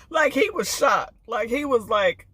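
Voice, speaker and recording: Sassy woman with a lively voice. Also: a little high, slow, slightly rough, dry recording. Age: older. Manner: animated, laughing, sassy asides. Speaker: reality TV reviewer. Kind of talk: casual commentary.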